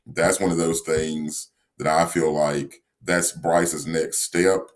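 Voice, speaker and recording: A man co-hosting a sports podcast, talking in a measured, reflective way with frequent fillers. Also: extremely low pitch, little pitch movement. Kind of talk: casual sports analysis.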